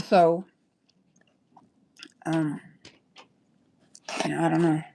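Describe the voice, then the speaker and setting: A woman's voice: sits low, animated, drawn-out words, creaky, noisy background. A woman chatting on a livestream, rambling and apologetic, stopping and restarting her sentences. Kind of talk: casual livestream chat.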